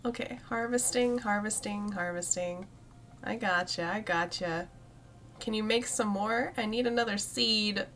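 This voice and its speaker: A woman's voice: medium pitch, a little slow, a bit bright, slight background noise. A young woman streaming a cozy game, chatting casually and talking to the plants as she plays, with frequent giggles. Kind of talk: casual let's-play commentary.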